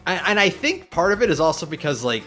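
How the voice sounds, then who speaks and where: A man's voice: a little high, big pitch swings, quick pace, pushed and bright, soft background music. A man co-hosting a podcast in casual chat, laid-back and wry. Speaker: podcast co-host.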